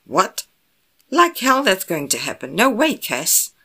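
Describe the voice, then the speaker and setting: A woman voicing a blunt grown man who talks in clipped lines, at times hushed. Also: low voice, normal speed. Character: gruff, blunt grown man, lover and hunter.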